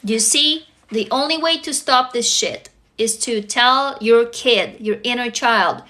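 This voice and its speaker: A woman's voice: on the high side, slow pace, few pauses, sharp tone. A tired woman hosting a casual livestream, talking candidly with viewers, swearing freely and tossing them rhetorical questions. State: tired, sleepy. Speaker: livestream host answering viewers.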